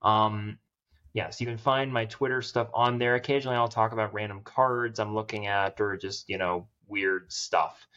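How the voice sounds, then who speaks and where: A man's voice: fairly low pitch, fairly even intonation, moderate pace, pushed and bright, lo-fi sound. A man guesting on a podcast, chatting casually in a rambling, self-deprecating way and laughing often. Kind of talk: casual chat.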